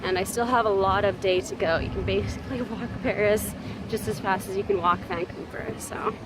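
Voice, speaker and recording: Young woman rambling on a walking vlog, lots of likes and ums, loud traffic all around. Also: mid-range voice, fairly quick. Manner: chatty, rambling with many fillers. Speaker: travel vlogger. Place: outdoors on busy city streets. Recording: loud street traffic noise. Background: traffic and street noise.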